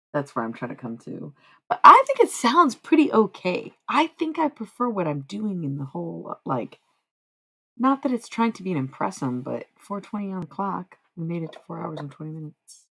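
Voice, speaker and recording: A woman streaming live, chatting casually and profanely with her viewers, rambling between quiet musing and loud bursts. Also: extremely low pitch. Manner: rambling, profane, talks to chat.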